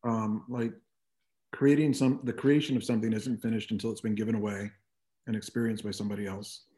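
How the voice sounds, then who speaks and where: A man's voice: fairly low pitch, little pitch movement, fairly quick, warm tone. A middle-aged man talking reflectively as an interview guest, with frequent "you know" asides. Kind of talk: conversational interview.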